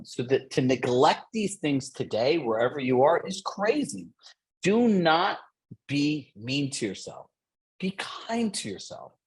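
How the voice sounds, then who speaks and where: A man coaching real estate agents in a motivational session, upbeat and energetic, dropping in "right?" and "like". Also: mid-range voice, slightly rough, poor audio.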